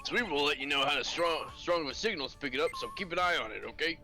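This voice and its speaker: A man voicing a gruff, friendly male detective who calls everyone pal, reading game dialogue on a live stream with a hearty, folksy manner. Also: a little high, expressive, fast talker, over music. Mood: instructive.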